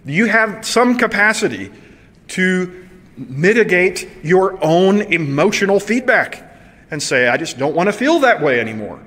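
A man preaching a sermon in a conversational, animated way, asking the congregation rhetorical questions. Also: high-pitched, measured pace. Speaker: pastor. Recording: long hall reverb.

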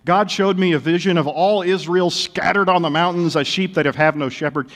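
A man's voice: high voice, brisk, a bit bright, pitched above the performer's own voice. A man voicing a bitter, cranky old prophet who speaks sarcastically, recorded in a reverberant hall. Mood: sarcastic.

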